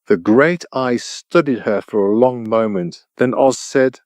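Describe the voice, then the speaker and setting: A man narrating a children's storybook audiobook in an even, clear storytelling voice. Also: mid-range voice, unhurried, hardly any pauses, no echo, clean studio sound.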